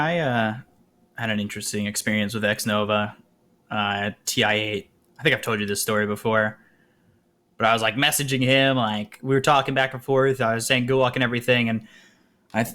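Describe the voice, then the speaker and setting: A man with a bright, forceful voice co-casts an esports match live. He chats casually and tells animated stories. His voice comes through a close headset mic. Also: medium pitch. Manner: storytelling, animated when recounting. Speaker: esports co-caster. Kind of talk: casual live commentary chat.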